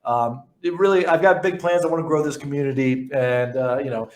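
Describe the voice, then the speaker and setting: A man's voice: medium pitch, fairly quick, darkish tone. Eager male podcast host, echoey room. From New York. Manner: eager, with frequent word repeats and restarts. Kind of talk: casual interview chat.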